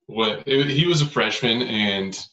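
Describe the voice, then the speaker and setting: A young man telling stories as a guest in a casual chat, in a relaxed way, saying "like" a lot. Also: mid-range voice, measured pace. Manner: relaxed, lots of "like". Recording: echoey room, dull lo-fi sound.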